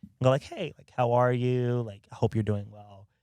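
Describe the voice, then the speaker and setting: Male podcast host, casual chat, animated storyteller who acts out quotes and laughs a lot, mid-pitched, dry close sound. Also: normal speed, clear, resonant tone, no echo.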